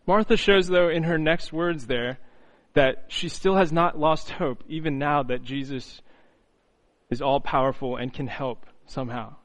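A man preaching an earnest, reflective sermon, often pausing on "you know" and restarting phrases. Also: a little high, a bit bright, low-quality recording.

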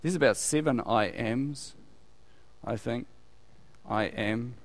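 A man preaching a sermon, asking his listeners questions and rising in volume when he quotes scripture. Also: mid-range voice. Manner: unhurried, rising loud on scripture quotes, asks the audience questions. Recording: long hall reverb.

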